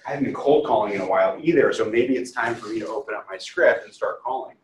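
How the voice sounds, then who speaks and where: A man leading a real estate training class, energetic and coaxing, often putting questions to the room. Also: on the low side, fast talker. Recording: echoey room from far off, faint hiss.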